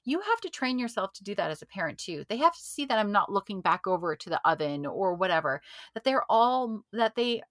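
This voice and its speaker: A woman co-hosting a podcast in casual chat, talking in an animated way and acting out quotes in a loud voice. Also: mid-range voice, a little fast, no echo. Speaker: podcast co-host.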